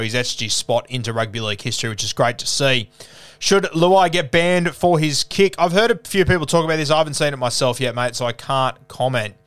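A man's voice: medium pitch, a bit bright, smooth. A young Australian man hosting a casual live Q&A, laid-back and chatty, calling everyone mate. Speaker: podcast host.

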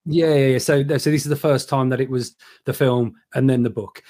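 A man's voice: medium pitch, fairly even intonation, a little fast, mellow. A man hosting a casual podcast, asking questions hesitantly with many restarts. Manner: hesitant, full of fillers and restarts. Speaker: podcast host.

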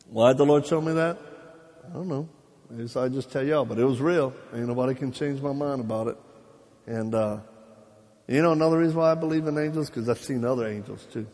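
A man preaching a live sermon, telling stories with jokes, laughing at himself and acting out the voices of people he quotes. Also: medium pitch. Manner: lively, joking, acts out quoted voices; laughs at his own jokes. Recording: long hall reverb.

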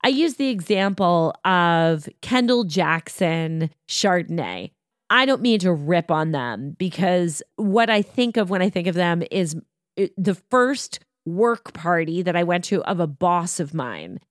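A middle-aged woman hosting a wine podcast, explaining styles in a knowledgeable, opinionated way with quick asides. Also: on the low side, animated, no room sound, studio quality. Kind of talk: casual explanatory chat.

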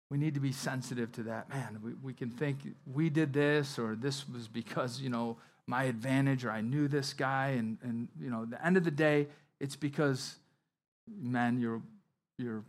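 A male pastor preaching a sermon in a conversational way, acting out the scenes with energy. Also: mid-range voice. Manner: conversational, animated when acting out Bible scenes.

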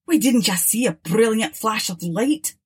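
A woman voicing a stern, demanding male sea captain who barks sharp questions at his crew, with a husky voice. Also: fairly high pitch, lively intonation, unhurried, pitched above the performer's own voice, full character voice.

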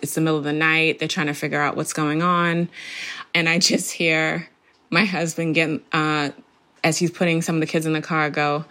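A middle-aged woman calmly recounting a birth story, reflective and laughing softly at moments. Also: low voice, moderate pace. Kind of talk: storytelling interview.

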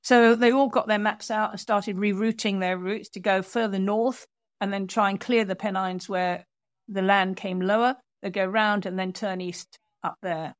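A woman author telling an animated story in an interview, acting out the people she quotes. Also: medium pitch, normal speed, dry recording. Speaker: author and guest.

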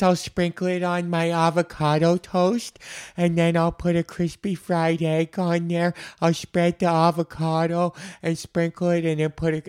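A man's voice: on the high side, clear, resonant tone. A young man hosting his own podcast, ranting casually and swearing often as he rambles. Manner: profane, rambling, breaks into sung freestyle bits. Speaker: podcast host. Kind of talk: casual solo rant.

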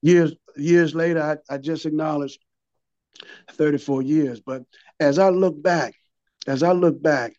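A man's voice: fairly high pitch, steady tone, measured pace, pauses often, dark tone, no echo, dull audio. A man in his fifties or older, telling his recovery story in an interview, a vivid storyteller who repeats and restarts his words and acts out what people said.

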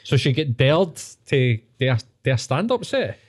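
A Scottish man joins the podcast chat with quick remarks and frequent laughter. He swears casually and keeps the talk loose and friendly. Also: mid-range voice, sing-song. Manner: chatty, laughs along, sweary.

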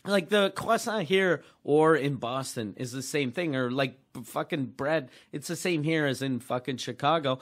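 A man's voice: a little high, moderate pace, few pauses, a bit bright. A middle-aged man, co-hosting a casual podcast and telling a rambling, profane story. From Quebec, Canada. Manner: rambling, profane, restarts often. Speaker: podcast co-host, comedian.

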